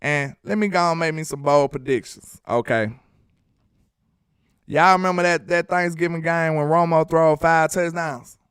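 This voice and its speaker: A man from Alabama, hosting a casual sports live stream, reading viewer messages and joking in a sing-song, animated way. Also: fairly high pitch, normal speed, clean tone, dry recording, clean studio sound, soft background music.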